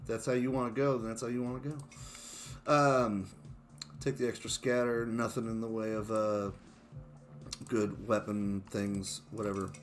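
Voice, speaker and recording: A man's voice: lowish voice, flat delivery, measured pace, pauses often, soft background music. Chatty man commenting on his game run. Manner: chatty and self-mocking, with frequent chuckles. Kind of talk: casual gameplay commentary.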